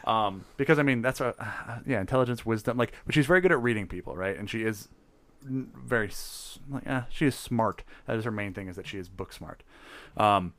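A man's voice: fairly low pitch, brisk, fairly bright tone. Tipsy, rambling young man. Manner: rambling, laughs often, trails off. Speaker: podcast co-host. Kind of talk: casual chat.

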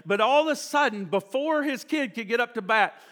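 Male pastor, high and bright voice, passionate sermon storytelling. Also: expressive, normal speed. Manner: impassioned, swings from hushed to shouting; storytelling with restarts and quoted voices.

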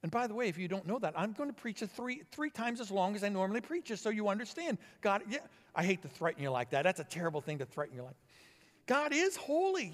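Man preaching in a reverberant hall. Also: high-pitched. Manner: conversational preaching with rhetorical questions and swings in loudness. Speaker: pastor. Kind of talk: sermon.

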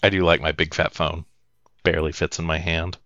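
A man's voice: a bass voice, flat delivery, brisk, pushed and bright, slight background noise. A man co-hosting a casual podcast in a dry, laid-back way, heard through a dull lo-fi mic. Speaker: podcast co-host.

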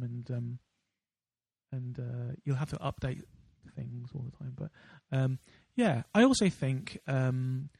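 A man's voice: mid-range voice, vocal fry, a little mellow, no room sound. A man co-hosting a podcast in casual chat, rambling with many fillers and restarts. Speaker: podcast co-host.

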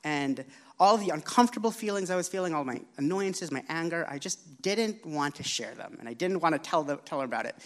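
A man preaching a sermon, earnest and expressive, telling a personal story. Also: fairly high pitch, fairly quick.

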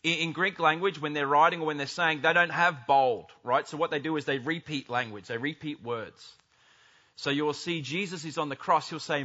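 A pastor preaches with a bright, forceful, fairly high voice. He is animated and jumps into quoted lines as he goes, and the recording sounds a bit dull and lo-fi. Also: a little fast. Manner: animated, acts out quoted speech. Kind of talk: sermon.

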